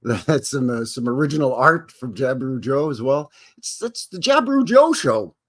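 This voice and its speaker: A man's voice: medium pitch, big pitch swings, normal speed. A Canadian man hosting a live stream in a folksy, jokey way, greeting chatters by name. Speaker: livestream host. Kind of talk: casual live-stream chat.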